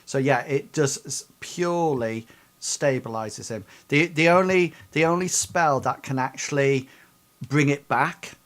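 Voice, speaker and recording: A man running a tabletop role-playing game as game master, explaining the rules hesitantly, with many pauses and restarts. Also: medium pitch, a bit bright.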